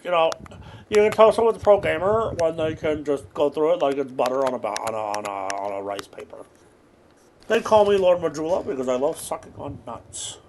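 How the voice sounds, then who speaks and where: A young man giving rambling, absurd deadpan commentary while playing a video game. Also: on the high side, slight background noise. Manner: rambling deadpan non-sequitur jokes. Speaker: gaming streamer. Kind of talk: absurd comedic gameplay commentary.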